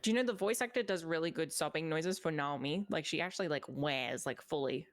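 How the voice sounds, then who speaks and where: A woman's voice: low-pitched, fairly quick. A woman co-streamer chatting casually during a game stream, rambling with lots of fillers and laughing often.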